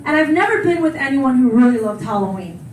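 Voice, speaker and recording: A high-pitched woman in her forties tells personal stories from a conference stage, chatty and quick to laugh, acting out the voices she quotes. Her voice rings around a large echoey hall and sounds a little far from the mic, with faint room ambience behind her. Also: animated, a little hiss or hum. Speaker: keynote speaker. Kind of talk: conference talk, personal storytelling.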